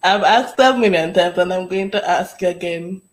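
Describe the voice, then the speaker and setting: A woman's voice: fairly low pitch, normal speed. Playful woman podcast host. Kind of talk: casual interview chat.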